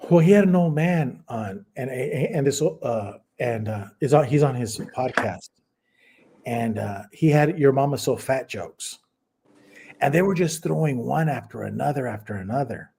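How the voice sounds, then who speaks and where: A man's voice: mid-range voice, lively intonation, measured pace, creaky, a little mellow, husky. A man co-hosting a casual podcast chat, a rambling storyteller who stops and restarts often. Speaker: podcast co-host.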